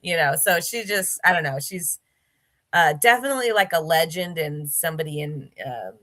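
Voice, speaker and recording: Interview guest, woman, chatty anecdote-teller, bright forceful voice. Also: sits low, moderate pace. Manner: chatty storyteller, many fillers and restarts. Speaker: interview guest, former gymnast. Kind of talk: casual interview chat.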